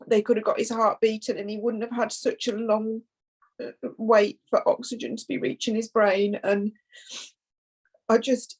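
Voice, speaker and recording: A woman, a bereaved mother, speaking through tears in a halting, emotional conversation, often repeating words. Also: fairly high pitch, darkish tone, husky, rough recording. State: tearful. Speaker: foundation founder, bereaved mother.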